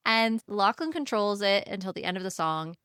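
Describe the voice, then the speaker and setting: A woman's voice: medium pitch, expressive, normal speed, fairly bright tone, clear, resonant tone, dry recording, clean studio sound. A woman co-hosting a book podcast, chatting casually and animatedly about a novel and acting out the characters' lines. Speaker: podcast co-host.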